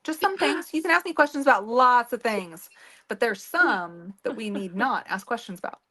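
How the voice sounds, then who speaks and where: A woman's voice: a little high, expressive, moderate pace, bright, forceful tone. A woman co-hosting a casual beading livestream, talking in a rambling way with many fillers and restarts. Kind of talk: casual chat.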